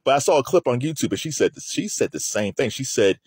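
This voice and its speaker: A man's voice: mid-range voice, brisk, breathy edge, dry recording, studio quality. A man hosting a video, talking casually and laughing often as he chats to the camera. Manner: animated, laughs often, loose and chatty. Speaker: video host.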